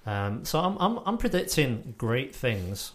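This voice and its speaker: A man's voice: mid-range voice, very animated, measured pace. A man hosting a casual podcast, bantering and joking at his own expense. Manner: jokey, self-mocking banter. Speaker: podcast host.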